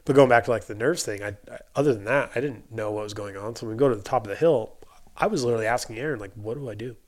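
A man's voice: medium pitch, rapid-fire. A man who works as a race mechanic, casually telling a story and acting out what people said, with lots of filler words. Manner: animated, acts out quotes, many filler likes. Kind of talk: casual storytelling in a podcast chat.

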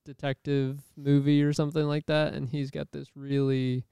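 A man's voice: on the high side, flat delivery, moderate pace, creaky, warm tone, smooth, no room sound. A man co-hosting a casual movie discussion podcast, chatty and laughing often, with lots of "like" fillers. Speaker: podcast co-host.

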